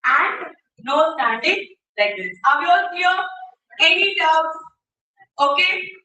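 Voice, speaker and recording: A woman's voice: very high voice, sing-song, slow pace, pushed and bright. Woman, Indian English accent, trainer, interactive workshop talk, demonstrates gestures, echoey hall, distant mic. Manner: checks in with the audience often, demonstrates gestures. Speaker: soft skills trainer. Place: university hall. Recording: roomy hall, mic far off.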